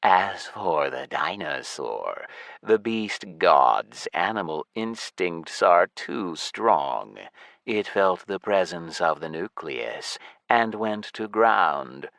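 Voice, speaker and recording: A man voicing a cold, emotionless male lich who speaks slowly and states everything as plain fact. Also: deep voice, vocal fry, no room sound, clean studio sound, heavily acted. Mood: cold flat. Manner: slow, flat, stating facts.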